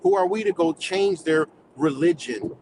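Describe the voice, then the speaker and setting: A man's voice: fairly high pitch, moderate pace, a little mellow, a little hiss or hum, low-quality recording. A man from the United States on a live stream, delivering a heated, profane, rambling rant.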